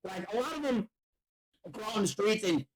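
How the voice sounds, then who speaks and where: Young male podcast host, high lively voice, excitable, swears a lot, crowd noise behind. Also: normal speed. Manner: excitable, profane, repeats words when worked up. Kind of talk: casual podcast banter.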